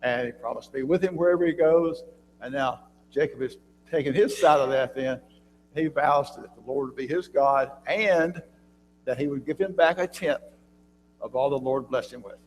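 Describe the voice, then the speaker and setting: At a moderate pace and in a slightly mellow mid-range voice, a man leads a conversational church Bible class, regularly asking his listeners questions. Frequent throat clearing and restarts mark his speech, and the church room carries long reverb and a faint hum.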